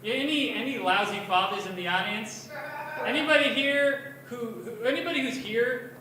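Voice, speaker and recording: A man's voice: very high-pitched, moderate pace, crowd noise. A young man doing crude, self-mocking open mic stand-up in a bar, telling his stories with energy. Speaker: stand-up comedian. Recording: echoey bar from far off.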